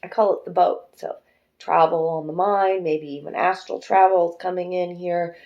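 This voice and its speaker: A woman's voice: lowish voice, steady tone, moderate pace, dull audio. A woman doing a pick-a-card tarot reading, chatty and emotional, who swears freely and speaks fondly to her viewers. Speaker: tarot reader.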